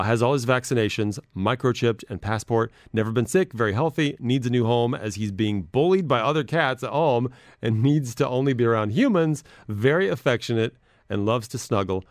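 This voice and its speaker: A man's voice: medium pitch, normal speed, no echo, studio quality. A man hosting a podcast in casual chat, rambling and self-deprecating as he reads messages aloud. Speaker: podcast host.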